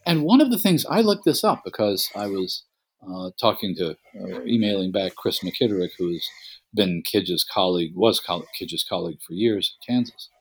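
A man co-hosting a casual podcast from his apartment, rambling gently with restarts and joking asides. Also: sits low, animated, normal speed, breathy edge. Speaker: podcast co-host. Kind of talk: casual chat. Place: apartment at home.

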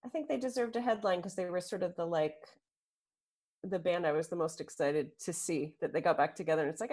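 A woman in her thirties, from the United States, co-hosting a casual chat and telling jokey, animated stories. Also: lowish voice, fairly quick. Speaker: podcast co-host.

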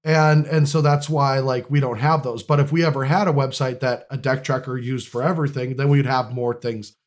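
A man's voice: mid-range voice, steady tone, brisk. A man co-hosting a casual gaming podcast, explaining things eagerly with lots of fillers and restarts. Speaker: podcast co-host. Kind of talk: casual chat.

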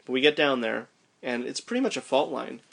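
Gravelly-voiced man telling a story. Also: medium pitch, a little fast. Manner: animated storyteller, thinking aloud with restarts. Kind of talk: casual storytelling chat.

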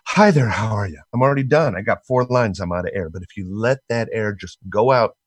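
A man co-hosting a casual chat, coaching with animated, instructive demonstrations. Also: on the low side, fairly quick, no echo. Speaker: co-host, voice coach.

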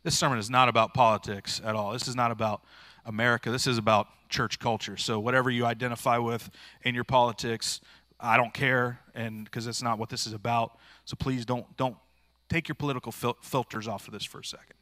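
A man's voice: mid-range voice, level tone, fairly quick, bright, forceful tone, dry recording. A male pastor preaching a sermon in a plain-spoken, earnest, informal way, restarting phrases often. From rural area.

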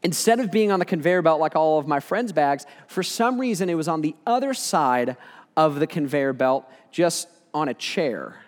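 Storytelling preacher in a reverberant hall. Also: male voice, a little high, expressive, normal speed. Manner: conversational storytelling with humor. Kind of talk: sermon with a personal story.

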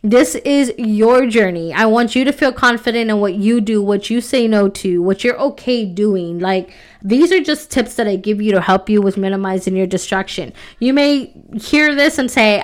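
A woman's voice: medium pitch, expressive, moderate pace, hardly any pauses. A woman in her thirties hosting a solo podcast, talking casually and encouragingly, often adding "like" and "right?". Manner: chatty, fills with "like" and "right?"; encouraging, faith-based. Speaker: podcast host.

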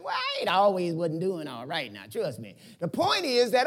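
A man preaching a sermon in a loose, colloquial way, now and then breaking into shouts. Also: sits high, normal speed. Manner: animated, colloquial, bursts into shouts.

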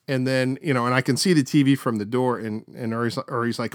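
A man's voice: mid-range voice, steady tone, fast talker, few pauses, dry recording, clean studio sound. A middle-aged man hosting a podcast, telling stories in a chatty way full of fillers and restarts. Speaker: podcast host. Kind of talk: casual storytelling.

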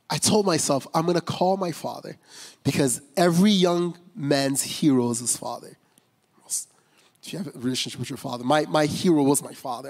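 A man serving as pastor preaches his personal testimony in a church sanctuary, candid and conversational, with many fillers and restarts. His voice is a little high with a darkish tone, and the large hall adds long reverb.

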